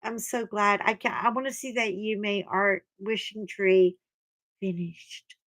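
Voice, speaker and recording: A middle-aged woman hosting a casual livestream chat, telling stories in an animated way and greeting viewers by name. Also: medium pitch, a little slow. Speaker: livestream host.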